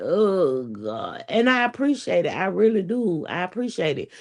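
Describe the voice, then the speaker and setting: A woman's voice: on the low side, very animated, moderate pace. A woman, telling a story to viewers in a casual, profane, chatty way. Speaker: vlogger.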